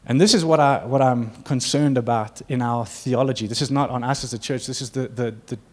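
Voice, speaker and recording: A man's voice: medium pitch, steady tone, a little fast, darkish tone. A man preaching a sermon to his church in an earnest, conversational way, acting out quotes as he goes. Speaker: pastor.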